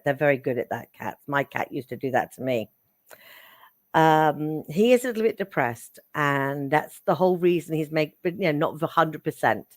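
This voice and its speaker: Chatty low-voiced woman giving readings. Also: no echo, clean studio sound. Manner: affectionate, chatty, excitable. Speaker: psychic reader. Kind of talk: live-stream psychic readings.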